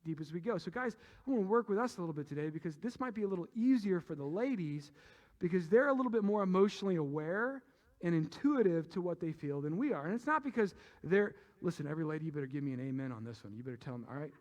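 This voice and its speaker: A man preaching a sermon as pastor, animated and playful, teasing the congregation and calling for amens. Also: on the high side, quick pace.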